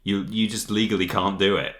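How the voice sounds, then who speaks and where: Deep, bright-toned man in his thirties. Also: little pitch movement, brisk. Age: 30s. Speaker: podcast host. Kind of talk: casual chat.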